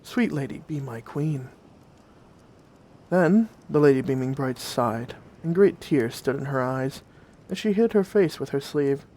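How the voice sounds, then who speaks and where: A man narrating old folk tales in a gentle, old-fashioned fireside storytelling manner. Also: mid-range voice, animated, moderate pace.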